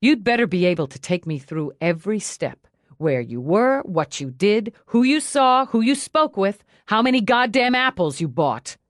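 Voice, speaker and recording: A woman voicing a tough female police lieutenant who talks bluntly, forcefully and with sarcasm. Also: medium pitch, sing-song, normal speed, no room sound, studio quality, natural voice. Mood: urgent.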